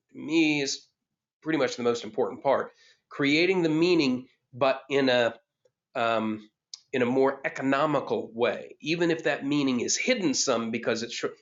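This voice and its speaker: A man's voice: medium pitch, fairly bright tone, dull audio. A middle-aged man teaching a poetry class over a video call, thinking aloud with many fillers and restarts. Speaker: course instructor. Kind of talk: online class lecture.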